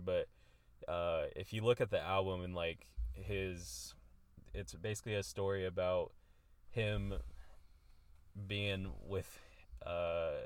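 A man's voice: sits low, no room sound. A man co-hosting a casual podcast, talking in a laid-back way with lots of "um" and "like". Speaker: podcast co-host.

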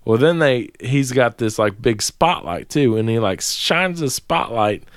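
A man's voice: mid-range voice, animated, unhurried, dry recording. A man co-hosting a podcast, telling a long profane story in casual chat from a small dry room. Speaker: podcast co-host.

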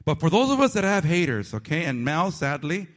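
This man, pastor of a church, gives a brisk sermon full of animation and self-mockery. He moves back and forth between booming emphasis and hushed asides.

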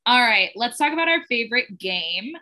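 A woman's voice: fairly high pitch, expressive, normal speed, bright, forceful tone. A woman hosting a casual recap podcast, leading the segments and swearing freely. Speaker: podcast host.

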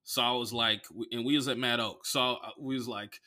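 A man from the Bay Area, a comedian and podcast host, telling stories in an animated, profane way with lots of "like". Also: medium pitch, moderate pace, few pauses. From San Francisco Bay Area. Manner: animated, profane, heavy use of "like". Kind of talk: casual comedic storytelling.

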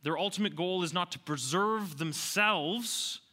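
A male preacher delivers a sermon with a bright, forceful tone and a voice pitched a little above the usual. He is emphatic, repeating his key lines and putting rhetorical questions to the people listening. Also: measured pace.

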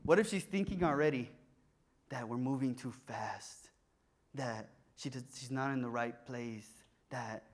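A man's voice: mid-range voice, measured pace. A young man telling a personal story in a sermon, acting out the voices of the people in it. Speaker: preacher.

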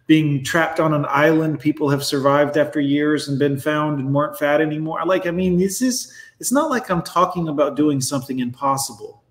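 Man ranting in a roomy echo. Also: fairly high pitch. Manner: blunt, profane and ranting. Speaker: reaction video host. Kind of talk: mocking reaction commentary.

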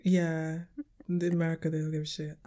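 A woman's voice: low voice, little pitch movement, brisk, dark tone. A young woman, co-hosting a casual chat podcast, swearing freely and laughing often. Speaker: podcast co-host.

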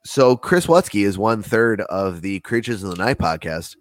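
A man's voice: lowish voice, expressive, moderate pace, no room sound. A man co-hosting a podcast, laid-back and teasing in casual banter. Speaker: podcast host.

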